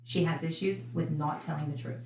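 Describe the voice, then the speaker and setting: A woman's voice: low-pitched, fairly even intonation, a little fast, darkish tone, reverberant, a little hiss or hum, poor audio. A woman casually recounting a true crime case, chatty and indignant in her asides.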